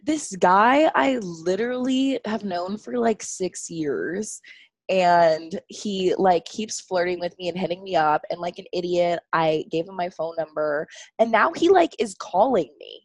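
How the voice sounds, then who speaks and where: A woman's voice: fairly low pitch, expressive, unhurried, dry recording. A woman co-hosting a podcast in casual chat, talking candidly, swearing and laughing often. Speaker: podcast co-host. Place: home, lived in Los Angeles.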